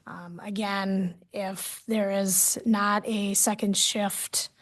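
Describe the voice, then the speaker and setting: A woman on the police department staff presents at a city committee meeting, speaking conversationally and often trailing off quietly. Her pitch is medium, her tone level, and her pace slow.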